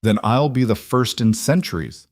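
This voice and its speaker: A man's voice: medium pitch, lively intonation, normal speed, lightly acted. A man voicing a guarded, determined young woman who is the last lycan queen, speaking in short, terse lines.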